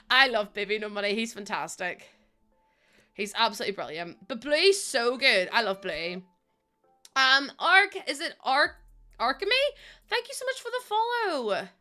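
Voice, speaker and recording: A woman's voice: fairly high pitch, very animated, moderate pace, sharp tone, faint music behind. A young adult woman live streaming, chatting casually with her viewers in a giggly, gushing and emotional way.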